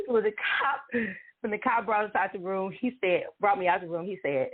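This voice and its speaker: A woman from Dallas, telling a story in a casual way, animated and laughing often with dramatic exclamations. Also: mid-range voice, moderate pace. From Dallas, Texas. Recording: tinny phone-like sound.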